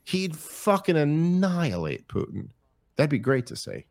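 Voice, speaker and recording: A man talking as a podcast guest in casual chat, animated, profane and rambling. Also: a little high, unhurried, no echo.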